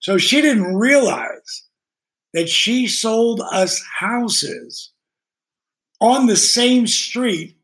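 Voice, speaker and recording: This man's voice is extremely high, and he draws out his words. Guesting on a podcast, he tells animated, casual stories full of swearing and acted-out dialogue.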